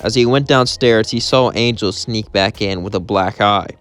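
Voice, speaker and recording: A man's voice: lowish voice, moderate pace, a bit bright, clear, resonant tone, soft background music. A man narrating a fan story in a loose, rambling way.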